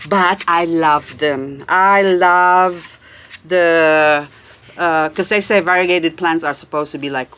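A woman's voice: on the low side, fairly bright tone. A woman hosting a plant haul vlog, chatty and gushing, laughing often as she unwraps her plants. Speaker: succulent channel host.

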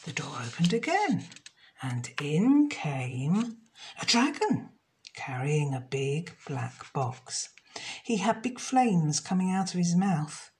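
A woman reading a children's story aloud, slow and expressive. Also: low voice.

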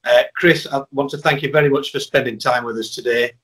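A man's voice: medium pitch, fairly even intonation, fairly quick, fairly bright tone, husky. A man hosting a retro TV channel, interviewing a guest and presenting in an upbeat, friendly way. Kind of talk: interview and vlog talk.

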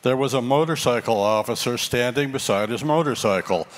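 A man from the congregation reading a short personal anecdote aloud in a slow, measured way. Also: medium pitch. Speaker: congregation member reading a story.

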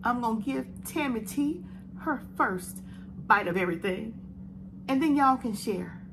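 A woman's voice: on the high side, animated, measured pace. A woman hosting her own cooking and mukbang vlog. She talks in an upbeat, chatty way and often says "oh yeah". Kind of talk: casual vlog chat. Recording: noticeable background noise.

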